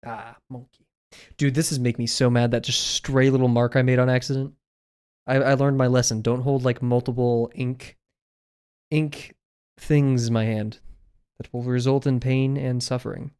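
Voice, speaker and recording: A man's voice: medium pitch, level tone, normal speed, a little mellow, clean tone. A man chatting casually on a live stream while he draws, rambling through asides with lots of filler words. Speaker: drawing streamer.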